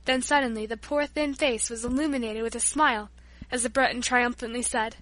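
A woman narrating an audiobook chapter with a measured, storytelling delivery. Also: a little high, steady tone, a bit bright, no room sound.

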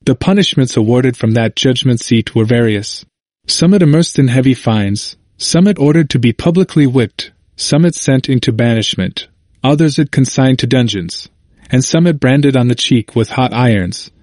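A man reading a history book aloud as a narrator, in a measured, steady way. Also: mid-range voice, no echo, clean studio sound.

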